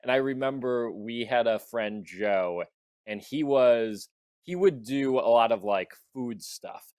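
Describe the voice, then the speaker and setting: A man's voice: mid-range voice, slow pace, darkish tone, clean tone, dry recording, clean studio sound. A man co-hosting a comedy podcast, telling a rambling anecdote in casual chat. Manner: rambling anecdotes with laughing restarts. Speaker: podcast co-host.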